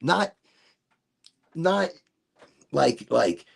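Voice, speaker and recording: A man's voice: medium pitch, big pitch swings, moderate pace, gravelly, long pauses, breathy edge. A man hosting a casual livestream chat, rambling loosely with giggly, self-interrupting asides. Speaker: livestream show host.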